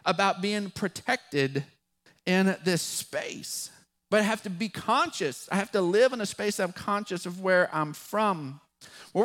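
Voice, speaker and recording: A man's voice: high-pitched, a bit bright. Conversational male pastor preaching. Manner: conversational, engages congregation with questions. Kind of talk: sermon.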